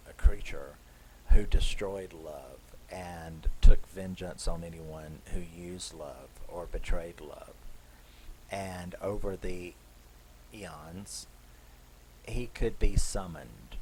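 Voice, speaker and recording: A man's voice: low voice, darkish tone, slight background noise, low-quality recording. A man giving a casual horror film review, recapping the plot in a loose, conversational way.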